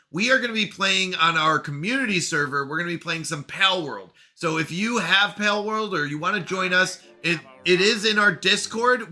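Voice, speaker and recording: A Canadian man hosting a casual live stream, chatting and joking as he reads viewers' messages aloud. His voice sits high for a man and sounds very bright and forward. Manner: playful, chatty, reads chat messages aloud, jokes about pronunciation. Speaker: live streamer reading chat.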